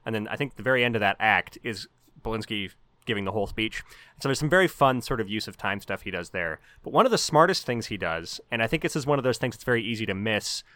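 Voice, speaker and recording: A man of middle pitch talks quickly and analytically, laying out his points at length in a casual book chat. The recording is dry and close, with no room sound. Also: animated, sharp tone, dry recording. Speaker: podcast co-host.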